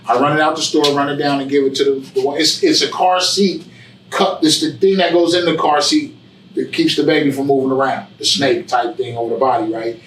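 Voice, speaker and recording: A man's voice: on the high side, a bit bright, slight background noise. Rambling man telling a story in an echoey room. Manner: rambling, repetitive, peppered with profanity and "you know what I'm saying". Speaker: interview guest. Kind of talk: casual storytelling conversation. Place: barbershop, indoors. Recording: echoey room, mic at a distance.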